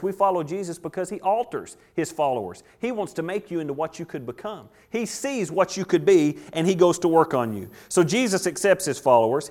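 A male pastor delivers an animated sermon. His voice sits a little higher than most men's. He acts out quotes as he preaches.

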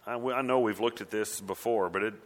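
A man preaching a sermon as a pastor, animated, sometimes mimicking mocking voices. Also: fairly low pitch, a little fast.

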